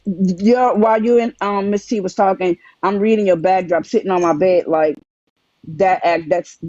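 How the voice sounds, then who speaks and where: A woman on a livestream talking earnestly and haltingly, restarting and repeating her words. Her voice comes through muffled and lo-fi, with a dry, close sound and no room echo. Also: medium pitch, fairly even intonation, dark tone. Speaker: livestream guest. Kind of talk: casual chat.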